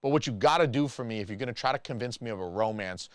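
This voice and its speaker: A man's voice: mid-range voice, lively intonation, fast, clean tone, dry recording. A man talking on his own about films he watched, rambling and opinionated, with lots of fillers and restarts. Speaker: movie reviewer. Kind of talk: casual solo film commentary.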